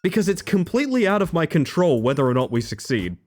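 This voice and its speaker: A young man chatting casually with his livestream audience, swinging between nervous mumbling and excited high outbursts. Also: fast, soft background music. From Western Australia.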